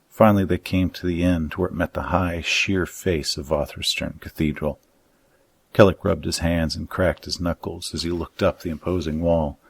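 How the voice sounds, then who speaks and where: A man reading his own dark fantasy story aloud in a measured, even audiobook narration. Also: deep voice, creaky, husky.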